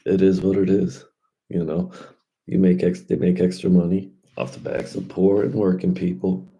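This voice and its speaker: A man's voice: low voice, monotone, normal speed, dark tone, lo-fi sound. A man talking casually and loosely in slangy speech, drifting from point to point in a vlog monologue. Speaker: crypto vlogger.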